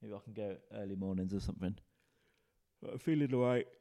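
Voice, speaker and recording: Low-voiced guy ranting solo into the mic, sweary and rambling, dark dry sound. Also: fast, no echo. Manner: rambling, sweary, self-mocking. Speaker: comedian and podcast host. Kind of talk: casual solo rant.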